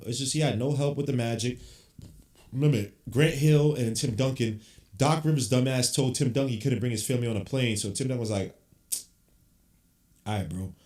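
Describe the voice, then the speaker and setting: A man's voice: mid-range voice, a little mellow. Frustrated man ranting in a roomy echo. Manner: blunt, frustrated fan ranting, swears casually. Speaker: podcast host. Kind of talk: live game watch-along reaction.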